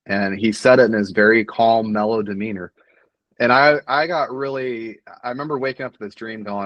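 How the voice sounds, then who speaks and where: A middle-aged man talking earnestly and reflectively as a podcast guest, with many pauses and restarts. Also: mid-range voice, a bit bright, no echo, poor audio. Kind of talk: casual conversation.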